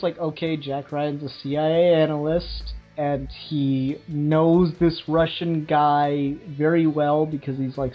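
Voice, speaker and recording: A man co-hosting a podcast in casual chat, rambling, laughing and swearing casually. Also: fairly high pitch. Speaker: podcast co-host. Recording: dull lo-fi recording with faint music.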